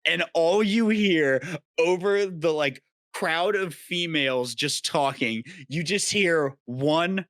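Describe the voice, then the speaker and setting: Bright-voiced young man, exasperated. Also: on the high side, slow, few pauses, no room sound. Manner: profane, exasperated storytelling. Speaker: podcast co-host. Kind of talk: casual chat.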